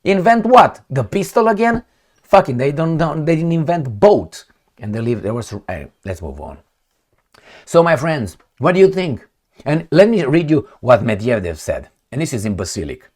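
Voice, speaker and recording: On his own opinionated commentary vlog, a man speaks bluntly and profanely, repeating words for emphasis and mouthing gunfire and kicking sounds. His voice is medium-pitched and a little mellow.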